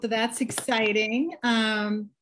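A middle-aged woman from New York delivers dry stand-up jokes slowly and calmly. Her voice sits a little high. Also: a little hiss or hum. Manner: wry, unhurried delivery. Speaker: stand-up comedian. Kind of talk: stand-up set.

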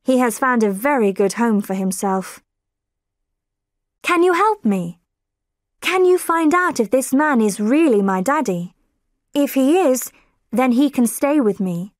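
Woman voicing a young woman, worried, pleading, slow, dry sound. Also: a little high, expressive, no echo, voice pushed up. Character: young woman worried about a false father.

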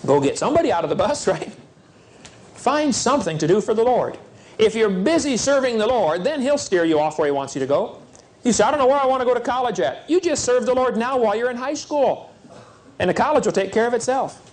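A middle-aged man preaching a lively seminar talk to young people, folksy and energetic in his storytelling. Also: high-pitched, a little fast. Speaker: evangelist speaker.

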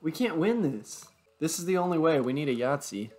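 A man's voice: a little high, big pitch swings, brisk, a little mellow. A young man commentating his own gameplay, exasperated, swearing and groaning at his bad luck. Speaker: gaming YouTuber.

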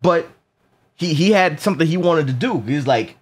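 A man chatting casually in a movie review, animated and profane, often repeating words and acting out lines from the film. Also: on the high side, moderate pace, husky.

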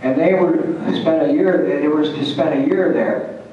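A man's voice: a little high, measured pace, mellow, muffled recording. Older guy telling old air force stories, folksy, kinda far from the mic, big echoey hall. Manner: folksy, salty anecdotes with frequent restarts and chuckles. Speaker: retired Air Force pilot telling a war story. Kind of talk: casual storytelling to an audience. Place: large hall at a historical society meeting. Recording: distant, very echoey hall recording.

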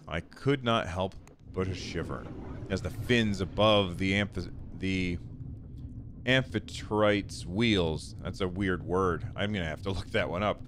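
A man's voice: low voice, a little slow, a bit bright, slight background noise. A man hosting a gaming video, reading a text game aloud and chatting, stumbling over words and joking about himself. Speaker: gaming channel host.

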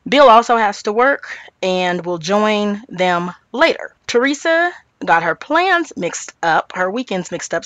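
A woman's voice: medium pitch, a bit bright, dry recording. A woman recapping and reviewing a reality TV show, chatty and opinionated, talking straight to her viewers. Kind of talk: casual recap and commentary.

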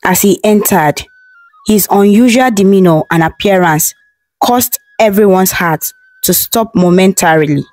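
A woman narrating a dramatic folktale in a slow, measured way. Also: medium pitch, a little mellow, no echo, soft background music. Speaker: storyteller.

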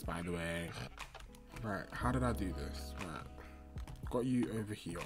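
A young man talks casually over a game he is playing on his own channel. His voice sits a little low. He sounds flustered, chatty and quick to laugh at himself. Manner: chatty, flustered and self-mocking. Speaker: gaming channel host.

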